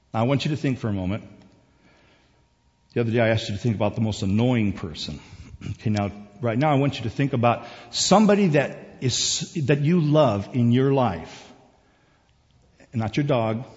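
A man's voice: mid-range voice, darkish tone. A male pastor giving a conversational sermon that swells to emphatic peaks, recorded in a church sanctuary. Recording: dull distant sound in a reverberant hall.

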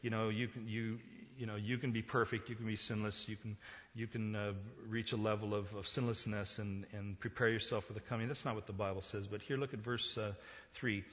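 A man's voice: fairly low pitch, little pitch movement, a little fast, lo-fi sound. Man preaching in an echoing hall. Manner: swings from quiet to loud, emphatic preaching. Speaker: pastor. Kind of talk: sermon.

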